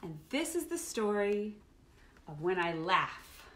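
At home on a children's livestream, a middle-aged woman reads a picture book aloud, playful and animated, acting out the feelings. Her voice is medium-pitched and unhurried.

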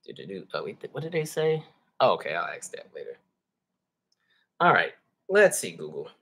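In casual chat with his livestream viewers, whom he calls y'all, this host reads from the chat at a normal speed. His voice is deep, fairly bright and husky, with pitch that swoops wildly.

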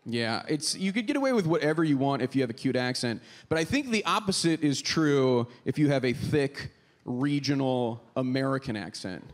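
A man's voice: medium pitch, expressive, moderate pace. A man from Pittsburgh doing a wry, self-mocking stand-up set on a comedy club stage into a handheld mic. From Pittsburgh, Pennsylvania.

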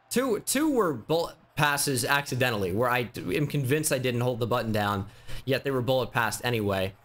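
A man's voice: medium pitch, a bit bright. Frustrated stammering man recapping a game. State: upset. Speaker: gaming YouTuber. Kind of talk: casual game commentary.

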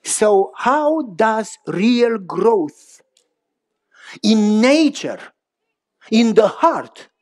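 A middle-aged man preaching a sermon, telling personal stories in an animated way with big pitch swings and repeated phrases. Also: drawn-out words, long pauses. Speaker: pastor.

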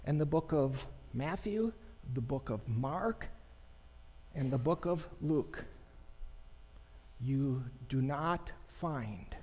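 A pastor giving a sermon to his congregation in a conversational, unhurried way, pausing and making asides to the people in the pews. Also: mid-range voice, warm tone. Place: church sanctuary. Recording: long church reverb.

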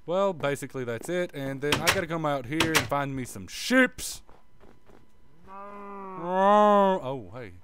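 A man's voice: a little high, animated, takes it slowly, very noisy. A man giving a casual gameplay tutorial, muttering and swearing as he plays and humming little sound effects like "bop bop" under his breath. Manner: offhand, self-mocking tone. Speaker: gaming video creator.

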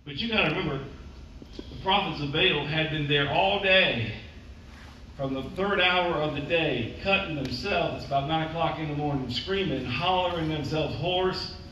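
A man teaching a sermon in a relaxed storytelling way, acting out the lines he quotes. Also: fairly high pitch, normal speed, a little hiss or hum. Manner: conversational storytelling, acts out quotes. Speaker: preacher. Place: church. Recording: distant mic, echoey church hall, dull.

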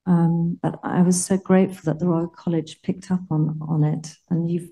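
A woman's voice: fairly low pitch, little pitch movement, normal speed, mellow. A woman speaking as a guest on a panel, thoughtful and a little hesitant. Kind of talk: panel conversation.

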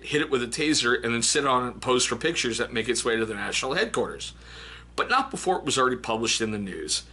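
Male host, casual book vlog, bright and a bit husky, laughs through his reads. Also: medium pitch. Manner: laughs often, reads excerpts aloud. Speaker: book review channel host.

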